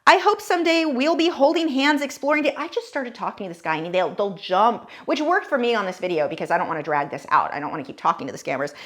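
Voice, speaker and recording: A woman's voice: on the low side, animated, fast talker, few pauses, fairly bright tone. A woman giving casual, sarcastic commentary while reading scam messages aloud. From United States. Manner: sarcastic, wry asides. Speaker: art YouTuber.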